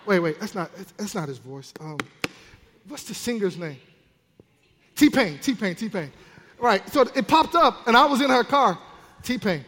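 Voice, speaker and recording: A man minister preaching a sermon in an animated, playful way, with asides to the congregation. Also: sits high, measured pace, long pauses, a little hiss or hum. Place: church sanctuary. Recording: long church hall reverb.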